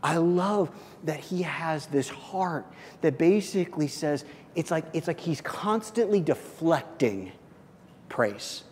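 High-voiced man preaching in a reverberant hall. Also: expressive, takes it slowly, a little hiss or hum. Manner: emphatic, rising loud then dropping soft. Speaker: pastor. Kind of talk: sermon.

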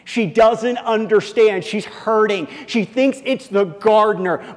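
Male pastor, fairly high voice, slow deliberate preaching that swells and drops to a hush, heard in a reverberant hall. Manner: impassioned preaching, swinging between loud and hushed. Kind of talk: sermon.

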